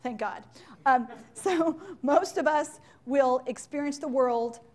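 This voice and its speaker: A woman leading a live leadership and sales workshop in a meeting room, chatty and playful, with quick asides and acted-out examples. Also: sits high, a little mellow. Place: meeting room with window blinds.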